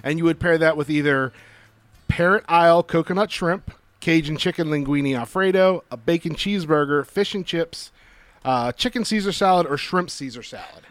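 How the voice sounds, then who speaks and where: A man co-hosting a casual podcast, listing menu items in an even, deadpan way. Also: fairly high pitch, normal speed, dry recording. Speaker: podcast co-host. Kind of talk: reading a menu aloud in casual chat.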